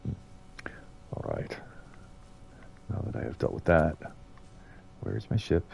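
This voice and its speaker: Gravelly low-voiced man streaming a game. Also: very animated, measured pace, a little mellow, slight background noise. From United States. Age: middle-aged. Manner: rambling, thinks aloud, chats to viewers. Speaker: gaming streamer. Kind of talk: casual gameplay commentary.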